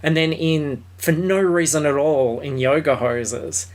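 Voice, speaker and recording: A man's voice: on the high side, a little slow. Rambling man chatting on a film podcast. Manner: rambling, many fillers and restarts, swears casually. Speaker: podcast co-host. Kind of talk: casual film review chat.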